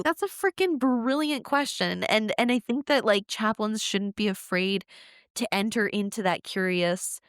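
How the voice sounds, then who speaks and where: A woman with a lively, swooping voice who speaks with warm enthusiasm and encouragement as a chaplain in casual conversation. She swears casually, and the recording is dry and close. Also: medium pitch, moderate pace, no echo. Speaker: chaplain, podcast co-host.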